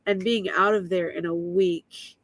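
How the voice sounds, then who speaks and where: A woman's voice: lowish voice, steady tone, no room sound. Woman telling a story, dry sound. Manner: vivid, emotional retelling with quick asides. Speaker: guest. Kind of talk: casual storytelling on a live stream.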